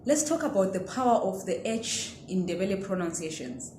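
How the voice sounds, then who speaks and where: A woman's voice: mid-range voice, animated, moderate pace, darkish tone, roomy sound, a little hiss or hum. A woman teaching pronunciation, patiently checking in with her listeners as she goes. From Zimbabwe. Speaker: language teacher. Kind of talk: pronunciation lesson.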